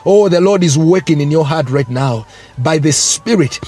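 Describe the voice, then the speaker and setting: A man's voice: a little high, animated, moderate pace, darkish tone, soft background music. A man preaching a fervent sermon, breaking into tongues and rising exclamations.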